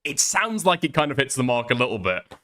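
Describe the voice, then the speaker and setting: A man's voice: medium pitch, expressive, fast, pushed and bright. A man hosting a commentary stream, rambling and swearing with laughing asides. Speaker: streamer host.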